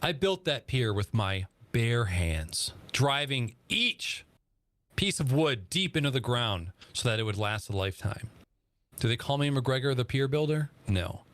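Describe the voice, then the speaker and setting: A man's voice: medium pitch, sing-song, unhurried, a bit bright, no echo. A man voicing an older male pub regular, bitter and proud, told as a joke in his own voice without an accent. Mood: aggrieved. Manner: emphatic storytelling, no real accent. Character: old male Irish pub bar builder, bitter and proud.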